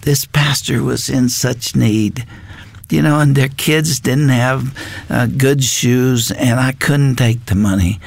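A man's voice: medium pitch, slow pace, gravelly, dry recording. A man voicing his father in a retold story, a humble, devout man who gives his money away. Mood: earnest.

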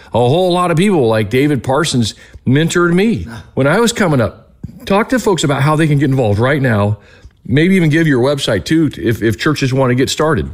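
A man's voice: a little high, sing-song, moderate pace. Enthusiastic male interview host. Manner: enthusiastic, encouraging. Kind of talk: conversational interview.

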